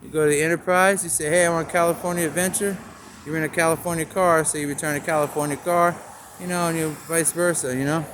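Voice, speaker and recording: A man's voice: fairly high pitch, steady tone, fast, fairly bright tone. Rambling man talking outdoors, faint traffic. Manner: rambling, free-associating, wordplay on signs. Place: outdoors on a town street. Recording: faint street noise outdoors.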